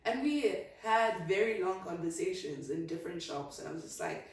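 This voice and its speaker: A woman's voice: on the low side, lively intonation, normal speed. A young South African woman ranting casually to camera, rambling and switching languages mid-sentence. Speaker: vlogger. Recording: very echoey room, voice from a distance.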